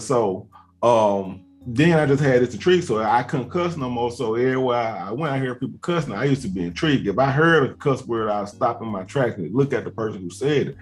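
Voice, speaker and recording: A man's voice: medium pitch, lively intonation, fairly quick. Laid-back man spinning a long story. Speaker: host. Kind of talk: casual chat, storytelling.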